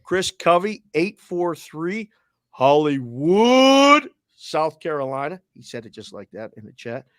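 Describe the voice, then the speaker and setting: This man speaks in a Boston accent with a fairly high voice. He hosts a casual sports talk show and fires off energetic listener shout-outs. The sound is dry and close. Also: normal speed, hardly any pauses, no room sound. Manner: energetic, shout-outs with area codes and towns. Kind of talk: roll call of listeners, casual.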